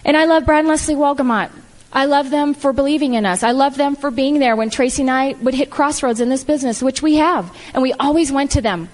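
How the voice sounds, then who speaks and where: Heartfelt high-voiced woman in a hall. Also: brisk. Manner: heartfelt, animated, repetitive "I love" phrasing. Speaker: speaker at a business event. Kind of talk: emotional motivational speech. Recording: reverberant hall.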